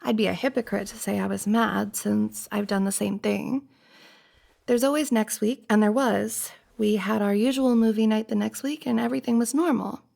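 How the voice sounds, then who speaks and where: A young woman in a whispered role-play, playing a flustered best friend who talks softly and earnestly, pleading and hesitant. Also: medium pitch, fairly even intonation, normal speed, gravelly. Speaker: ASMR roleplay performer.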